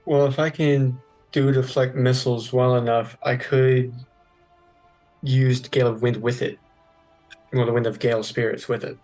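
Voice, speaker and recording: Flat-voiced male tabletop player. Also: medium pitch, moderate pace, faint music behind, rough recording. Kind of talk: tabletop game play.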